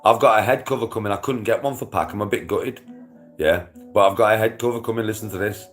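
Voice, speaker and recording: Man, livestream banter, sweary and rambling, laughs a lot, lowish voice, faint music. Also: fast talker, a bit bright. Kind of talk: casual chat to viewers.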